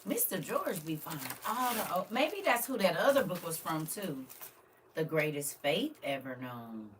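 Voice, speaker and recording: A woman with a low, sing-song voice opens gifts on a live stream at normal speed, with background noise behind her. She chats casually and emotionally, holding back tears as she talks straight to her viewers.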